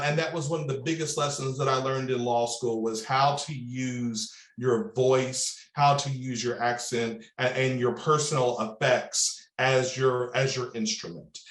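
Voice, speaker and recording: A man in his thirties with a Southern Indiana accent, telling stories as a panelist in a discussion, animated and drawling. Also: mid-range voice, roomy sound. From Southern Indiana, USA. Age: 30s. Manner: animated, drawling, repeats words when starting.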